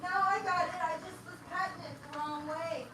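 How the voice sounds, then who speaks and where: A woman's voice: very high-pitched, fairly even intonation, normal speed, heavy background noise. Profane, agitated woman ranting on a livestream. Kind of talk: casual livestream chat. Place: home kitchen. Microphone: phone.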